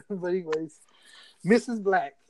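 A man's voice: high-pitched, measured pace. A man with a drawl tells a crude story to friends in a casual chat. He keeps laughing as he acts out what his buddies said. Light noise sits behind him.

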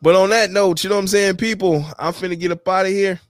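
A man's voice: sits high, fairly even intonation, quick pace, no room sound. A man, talking casually to camera in slangy street talk and repeating "you know what I'm saying" again and again. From Detroit, USA. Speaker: vlogger.

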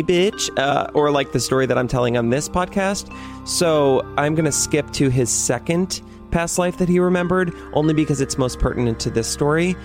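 A man's voice: mid-range voice, darkish tone. Blunt, playful man hosting a podcast. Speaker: podcast host. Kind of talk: casual podcast talk.

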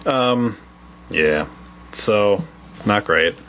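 Low-voiced Midwestern man on a podcast. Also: lively intonation, a bit bright. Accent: Midwestern American. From Wisconsin, USA. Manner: halting, many restarts and laughs. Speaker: podcast co-host. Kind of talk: casual chat. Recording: dull lo-fi audio with faint noise.

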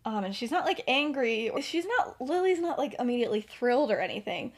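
A woman's voice: fairly high pitch, sing-song, brisk. Chatty young woman telling a story. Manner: chatty, many fillers like "like" and "um". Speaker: podcast storyteller. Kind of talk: casual storytelling.

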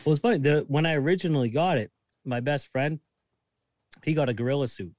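A man's voice: on the high side, brisk, a little mellow, dry recording. Boston guy in his 30s, casual chat, swears a lot, dry close sound. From Massachusetts, USA. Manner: laid-back, swears freely, says dude a lot. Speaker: guest.

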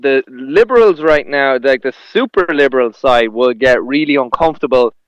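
Rambling comedian, clear and dry. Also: male voice, mid-range voice, normal speed, no echo, highs cut off. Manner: rambling, with restarts and laughs. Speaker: stand-up comedian. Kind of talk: casual conversation.

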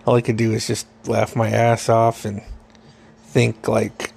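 A man's voice: on the low side, monotone, measured pace, creaky, a little mellow, husky. A man hosting a podcast, telling a rambling, profanity-laced childhood story with frequent laughs. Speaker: podcast host. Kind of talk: casual storytelling.

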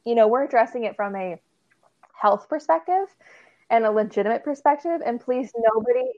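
A woman's voice: on the high side, lively intonation, fairly quick, muffled recording. A woman co-hosting a casual podcast as a therapist, chatty, laughing often and using lots of fillers.

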